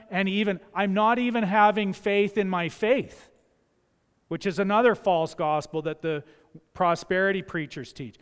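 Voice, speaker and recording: A male pastor preaching a sermon in a church, emphatic, moving from quiet asides to loud passages and acting out the voices he quotes. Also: sits high, clear, resonant tone, in a large hall. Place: church sanctuary.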